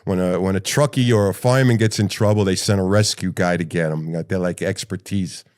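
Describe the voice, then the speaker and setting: A middle-aged man, a retired firefighter, telling personal stories in an animated way and swearing freely. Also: low voice, a little fast. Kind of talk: personal storytelling.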